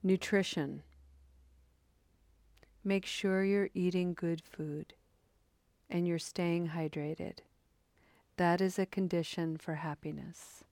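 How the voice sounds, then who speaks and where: Meditation teacher, woman, unhurried, gentle and contemplative, sometimes hushed, in a dry room. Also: on the low side, steady tone, no echo. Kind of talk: dharma talk and guided meditation.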